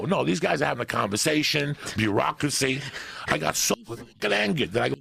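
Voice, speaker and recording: A man telling a profane, animated story in a podcast chat. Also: medium pitch, brisk, vocal fry. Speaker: comedian guest.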